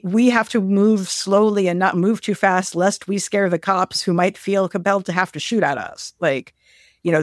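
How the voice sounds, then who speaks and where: A woman's voice: medium pitch, no echo, clean studio sound. A woman co-hosting a casual discussion, talking thoughtfully with many fillers and restarts.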